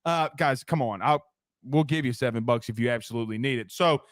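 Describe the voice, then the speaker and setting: A man hosting a casual sports talk show, chatty and energetic, pitching sponsors and urging listeners to like and share. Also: a little fast, no room sound, studio quality.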